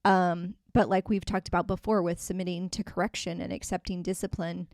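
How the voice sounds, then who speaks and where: A woman's voice: on the low side, flat delivery, fairly quick, darkish tone, no echo, clean studio sound. A woman co-hosting a faith podcast, talking casually and earnestly with many fillers and restarts. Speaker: podcast co-host.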